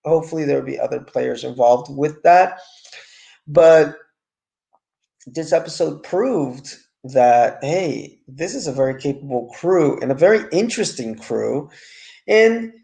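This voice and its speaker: A man's voice: a little high, animated, slow pace, gravelly, pauses often, dark tone. A man giving a casual, frank, rambling review of a TV series episode.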